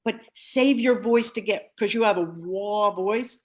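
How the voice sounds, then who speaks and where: A woman's voice: medium pitch, a little slow. A woman voice coach giving masterclass feedback, gushing over the singing and singing bits of the lyrics as she explains. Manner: effusive, sings snippets of the lyrics while explaining.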